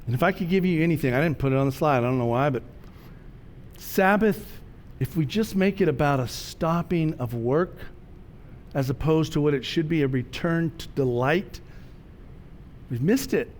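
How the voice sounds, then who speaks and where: Middle-aged man, pastor, relaxed storytelling sermon with slow emphatic phrases; slightly high voice, light background rumble.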